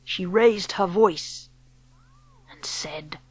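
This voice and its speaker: A woman narrating a children's audiobook in a lively storytelling manner. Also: fairly low pitch, extremely slow, slightly rough, dry recording. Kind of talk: scripted narration.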